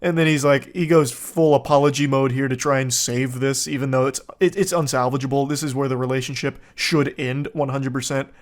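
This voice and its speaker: A man's voice: medium pitch, steady tone, fairly quick, few pauses. A man giving comedic reaction commentary, sarcastic, crude and exasperated.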